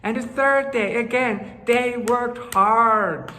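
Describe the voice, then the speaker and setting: Slow, expressive woman telling a folktale. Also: on the high side. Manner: dramatic, slow, with gasps and hushed asides. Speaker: storyteller. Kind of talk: children's storytelling. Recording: roomy hall with long reverb.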